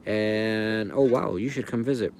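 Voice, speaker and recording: Male stream host, casual and meandering, low voice, outdoor air behind him. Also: measured pace, slight background noise. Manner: rambling, talks to chat viewers by name. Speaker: livestream host. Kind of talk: casual live chat. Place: outdoors by a fire.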